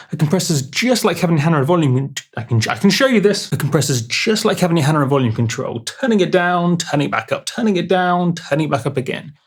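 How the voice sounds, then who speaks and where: A man's voice: fairly high pitch, breathy edge. A man explaining music production in a casual video tutorial, chatty, with jokey asides and restarts.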